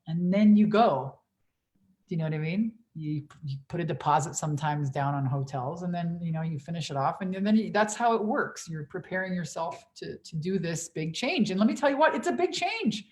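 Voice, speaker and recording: A woman's voice: lowish voice, lively intonation, normal speed. A woman in her forties, a business coach on a livestream Q&A, talking in a blunt, profane, emphatic way. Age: 40s.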